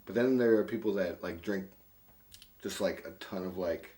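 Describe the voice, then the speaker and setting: A man's voice: sits low, normal speed, a little mellow. A laid-back young man hosting a casual chat over drinks in a home attic studio. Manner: laid-back, laughs easily. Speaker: podcast host.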